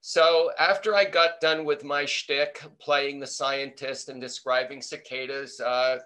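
This middle-aged American man, a professor of entomology, spins a playful webinar anecdote and performs the voices of the people he quotes. He speaks at medium pitch, steady and unhurried, with a bright, forceful tone.

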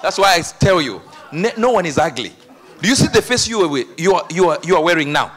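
Preacher, male, high and very lively, bright tone, laughs and shouts through the sermon. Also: quick pace. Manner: animated, laughing, bursts into shouts. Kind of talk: energetic sermon.

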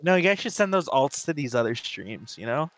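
A man's voice: on the high side, sing-song, a little fast, fairly bright tone. A man chatting on a gaming stream with friends, teasing them dryly. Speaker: co-player. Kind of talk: casual gaming chat.

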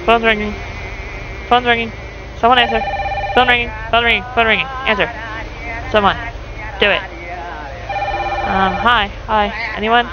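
A woman's voice: fairly high pitch, fairly even intonation, moderate pace, pauses often, very noisy. A young woman commenting on her game as she plays, chatty and swearing as she reacts. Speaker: gamer. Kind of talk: let's play commentary.

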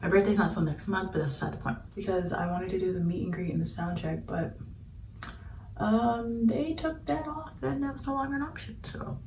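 A woman's voice: mid-range voice, fairly quick, darkish tone, slight background noise. A young woman vlogging while getting ready, gushing and chatty, full of slang and fillers, sometimes dropping to a whisper. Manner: drops to a whisper while doing makeup. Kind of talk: casual get-ready-with-me vlog. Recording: roomy, slightly distant home recording.

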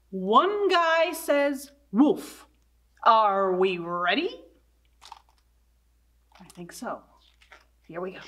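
A children's librarian reads a picture book aloud, her high voice swooping up and down as she plays out each animal sound. She takes her time, drawing out the words in a playful, expressive storytelling manner. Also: drawn-out words, long pauses.

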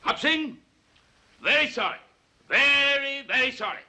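An older actor playing a stern, fond father of grown sons with a gruff, commanding manner in a 1950s TV western. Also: extremely high pitch, lively intonation, a little slow, sharp tone, exaggerated voice. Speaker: ranch patriarch.

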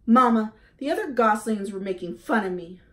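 A woman's voice: mid-range voice, animated, moderate pace, fairly bright tone, close to an everyday voice. A woman voicing an upset young male gosling who squawks his lines in a whiny, hurt way, reading a storybook aloud.

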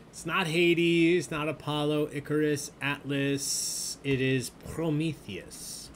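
A man's voice: on the high side, little pitch movement, takes it slowly, hardly any pauses, a bit bright, slight background noise. A man hosting an online trivia game, reading out questions and answers in a jokey, chatty way. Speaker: trivia host. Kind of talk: live-streamed trivia hosting.

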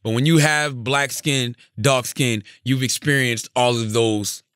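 A man's voice: medium pitch, fairly even intonation, a little slow, a bit bright, clean tone, no room sound. A man co-hosting a casual comedy podcast on a close studio mic, blunt and laid-back, often repeating himself. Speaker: podcast co-host, radio host.

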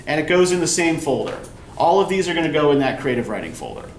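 A college English instructor with a fairly high, sing-song voice lectures quickly in an echoey classroom, patiently explaining and checking in with a frequent "right?" He was captured by a recorder set at a distance, so the sound is roomy with faint background noise.

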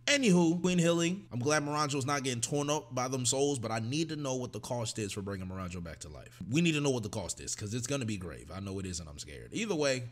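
A man streaming a live reaction, excitable and slangy, often shouting and laughing. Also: medium pitch, quick pace, few pauses. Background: music from the show he is watching.

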